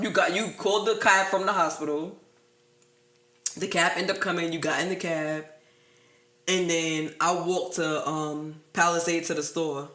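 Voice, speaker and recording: A young woman, co-hosting a podcast, telling stories in an animated, profane way and laughing through them. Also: lowish voice. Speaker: podcast co-host. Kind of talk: casual storytelling chat. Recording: echoey room.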